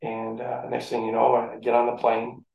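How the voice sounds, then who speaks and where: A middle-aged man, a former football player telling animated stories from his playing days in a casual interview. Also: mid-range voice, normal speed, gravelly, highs cut off. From St. Catharines, Ontario, Canada. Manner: animated storyteller who acts out the voices in his story. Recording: echoey room.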